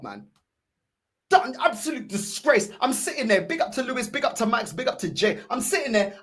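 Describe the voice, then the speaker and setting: A woman ranting about her football club in an exasperated, repetitive way. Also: on the high side. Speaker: football fan streamer. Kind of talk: ranting fan commentary.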